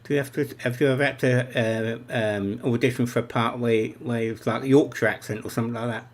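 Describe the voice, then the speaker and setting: A man puts a question to a guest over a video call. His voice is mid-pitched. He halts and stumbles as he asks. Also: fairly even intonation, brisk. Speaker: channel host.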